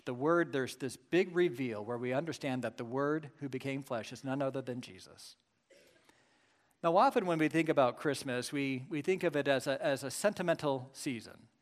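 A man preaching a Christmas sermon, reading scripture slowly and talking to the congregation in a casual, conversational way with rhetorical questions. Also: medium pitch. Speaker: pastor.

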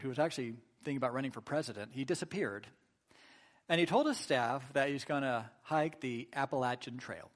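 A man preaching a sermon in a conversational way, often checking in with "right?" and acting out sample apologies. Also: on the high side. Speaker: pastor.

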